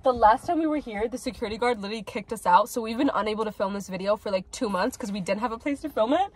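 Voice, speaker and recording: A woman's voice: on the high side, very fast, husky. A nineteen-year-old woman chatting casually and reading stories aloud in a dramatic, giggly way. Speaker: host.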